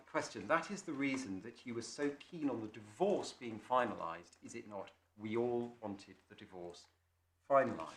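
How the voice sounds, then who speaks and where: Barrister making formal courtroom submissions. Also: male voice, lowish voice, a bit bright. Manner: measured, formal, with small restarts. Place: large echoey courtroom. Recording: echoey courtroom, faint noise.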